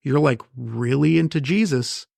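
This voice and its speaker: Podcast co-host, man, mid voice, halting and sardonic, dry close mic. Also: mid-range voice, vocal fry, darkish tone, no echo. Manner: stammering, dry sarcastic asides. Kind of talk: casual chat.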